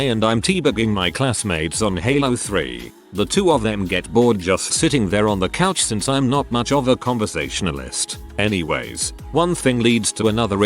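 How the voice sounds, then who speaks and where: A man reading online stories aloud as the regular narrator, in scripted storytelling narration. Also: fairly low pitch.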